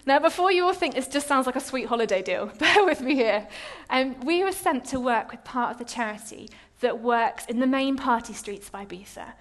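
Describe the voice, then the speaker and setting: Young woman telling a lively testimony. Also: a little high, moderate pace. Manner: animated, self-mocking storytelling with laughs. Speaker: speaker giving a testimony. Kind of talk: personal testimony sermon.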